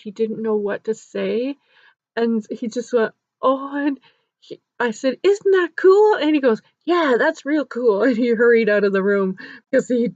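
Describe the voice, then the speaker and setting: A woman's voice: mid-range voice, dry recording. A woman counselor earnestly telling a story about helping a grieving child, in an instructional video. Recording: dull, dry recording.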